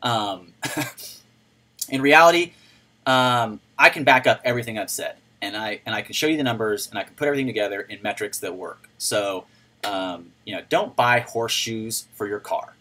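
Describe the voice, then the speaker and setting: Excitable man who laughs and yells. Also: on the low side, moderate pace. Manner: excitable, laughs often, bursts into yelling. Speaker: crypto livestream host. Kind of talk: casual livestream chat. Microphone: microphone turned up.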